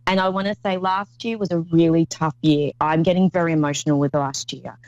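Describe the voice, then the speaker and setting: A woman's voice: deep voice, fairly even intonation, a little fast, darkish tone, no echo, muffled recording. A woman hosting a call-in psychic reading show, talking in an effusive, rambling way with many restarts. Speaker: psychic medium host.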